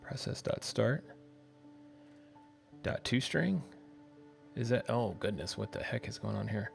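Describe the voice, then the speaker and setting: A man's voice: fairly low pitch, animated, normal speed, creaky. A man hosting a developer livestream, thinking aloud and muttering to himself as he writes code. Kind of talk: live coding, thinking aloud. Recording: faint music and keyboard typing behind. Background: keyboard typing, faint music.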